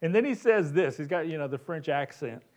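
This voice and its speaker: A man's voice: a little high, lively intonation, brisk, darkish tone. A man preaching a sermon in a conversational way, often repeating words as he builds his point. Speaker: pastor.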